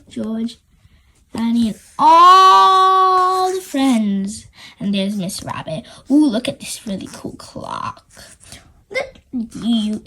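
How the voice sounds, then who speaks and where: A woman's voice: on the high side, low-quality recording. A woman reading a children's storybook aloud, making chatty asides to her young listeners.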